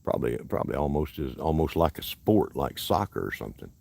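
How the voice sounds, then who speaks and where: A man's voice: extremely low pitch, very animated, fairly quick, vocal fry, darkish tone, dry recording. A man from Alabama with a Southern accent, hosting a casual, rambling livestream chat outdoors at a park in a folksy way. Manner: folksy, rambling, self-interrupting. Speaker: livestream host.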